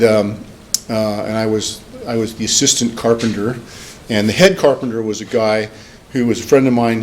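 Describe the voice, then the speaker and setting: A man's voice: mid-range voice, darkish tone, a little hiss or hum, poor audio. A man, a professor, lecturing to a class and telling a rambling personal story with many fillers and restarts. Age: older. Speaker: psychology professor.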